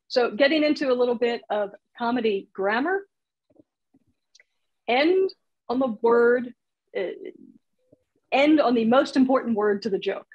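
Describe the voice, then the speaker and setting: Chatty husky woman teaching comedy. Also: fairly high pitch, expressive, measured pace, long pauses, a little mellow, dull audio. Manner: chatty, laughs at her own examples. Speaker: comedy writing instructor. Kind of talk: casual online workshop talk.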